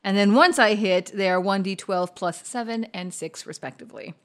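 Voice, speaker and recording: A woman playing a tabletop role-playing game, talkative and quick to laugh. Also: mid-range voice. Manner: giggly, talkative, lively. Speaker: player. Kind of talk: casual tabletop play.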